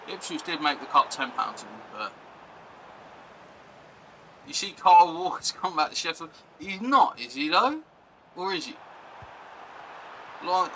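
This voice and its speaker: A man's voice: on the high side, bright, forceful tone, slight background noise, rough recording. A young man chatting casually on a live stream, rambling and reacting to chat and gameplay.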